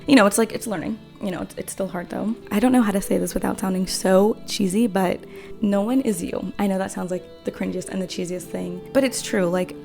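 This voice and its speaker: A woman's voice: medium pitch, gravelly, darkish tone. A woman in her twenties, talking earnestly and rambling with many fillers in a casual vlog. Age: 20s. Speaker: vlogger. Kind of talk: casual talk to camera.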